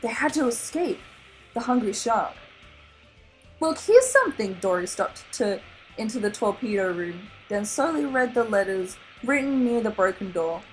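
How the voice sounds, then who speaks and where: A woman with an Australian accent reading a children's novel aloud, animated and laughing off her own slips. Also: mid-range voice, moderate pace, soft background music, rough recording. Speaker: reader. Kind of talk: storybook read-aloud.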